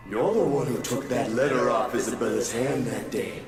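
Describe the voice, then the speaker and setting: A man's voice: medium pitch, moderate pace, natural voice. A man voicing a jeering male monster, mocking and scornful. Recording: echoey hall with music.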